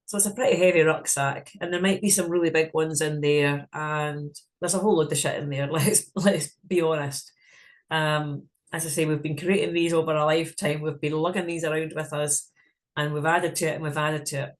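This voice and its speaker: A woman's voice: low-pitched, fairly even intonation, a little fast. A woman leading a guided visualization in a frank, casual way, swearing freely as she talks. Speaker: meditation guide.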